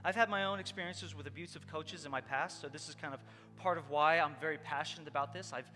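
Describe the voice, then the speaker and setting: A man with a higher voice speaks fast as he preaches a conversational sermon, earnestly sharing a personal story and addressing his congregation directly. Long hall reverb and loud music sit behind him.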